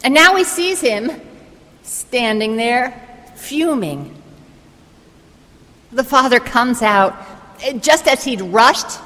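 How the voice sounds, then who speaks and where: A woman's voice: a little high, lively intonation, takes it slowly, pauses often, sharp tone, long reverb tail. A woman preacher giving a sermon as a vivid, imaginative retelling of a story.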